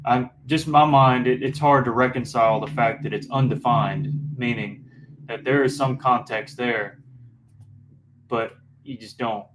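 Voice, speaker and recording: Male student asking a halting question. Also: mid-range voice, fairly even intonation, a bit bright, a little hiss or hum. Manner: halting, thinking aloud while asking. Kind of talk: classroom question.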